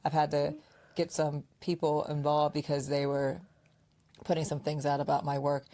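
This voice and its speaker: A woman's voice: deep voice, normal speed. A woman co-hosting a podcast, chatting casually and telling stories, acting out what her friends said. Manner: animated storyteller, acts out quoted friends. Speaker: podcast co-host. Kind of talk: casual conversational podcast chat.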